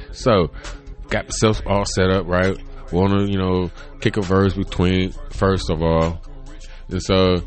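A man in his thirties hosting his own podcast, rambling casually and profanely, laughing often and jumping from quiet mutters to loud, excited storytelling. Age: 30s. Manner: loose and profane, laughs often, swings from low mumbles to loud excited bursts. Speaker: podcast host. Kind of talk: casual solo podcast rant. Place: bedroom home setup.

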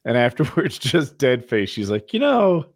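A man's voice: mid-range voice, animated, normal speed, no echo, studio quality. A man telling a casual anecdote as a podcast co-host. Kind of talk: casual storytelling.

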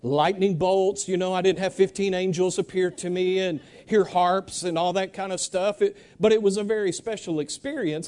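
A man preaching a sermon, animated and urging the congregation to answer back, reading Bible verses slowly. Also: high voice. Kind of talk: sermon with congregation call-and-response.

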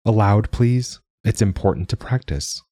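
A man voicing a composed adult woman tutor, speaking in a calm, measured and encouraging way. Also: fairly low pitch, no echo, clean studio sound, pitched above the performer's own voice. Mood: coaxing.

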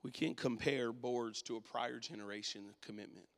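A man preaching a sermon and telling a personal story, his voice swinging from quiet to loud. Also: medium pitch, steady tone, normal speed, gravelly, long reverb tail.

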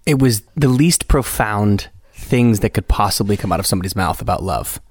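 A young adult man co-hosting a podcast, telling a story in casual chat, measured and a little wry. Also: fairly low pitch, animated, slightly rough, no room sound, studio quality. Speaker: podcast co-host, husband.

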